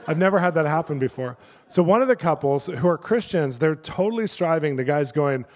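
A middle-aged male pastor preaching a sermon through lively personal stories, acting out the people in them. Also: a little high, brisk, in a large hall. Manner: animated, acts out the people in his stories. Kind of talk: sermon storytelling.

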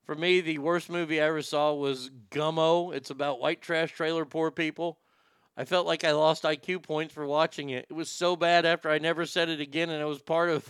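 A man's voice: a little high, a bit bright, clear, resonant tone, no room sound. Sarcastic male podcast host. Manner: sarcastic, dismissive, stumbling restarts. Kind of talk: opinionated talk show monologue.

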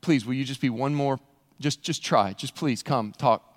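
A man's voice: mid-range voice, normal speed. A man preaching a sermon, talking conversationally and repeating words as he presses a point. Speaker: pastor. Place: church sanctuary. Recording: long hall reverb in church.

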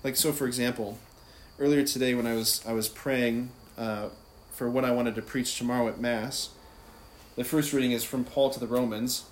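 In a casual spiritual teaching talk, a man speaking as a priest explains prayer conversationally, leaning on "like" and "right?" His mid-range voice has fairly even intonation at a normal speed, captured in an echoey room with faint noise.

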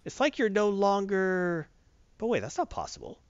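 A man's voice: sits high, huge pitch swings, moderate pace, clean tone, dry recording, lo-fi sound, pitched above the performer's own voice, full character voice. A man voicing a male big-game hunter who shifts from gloating to chummy. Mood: menacing.

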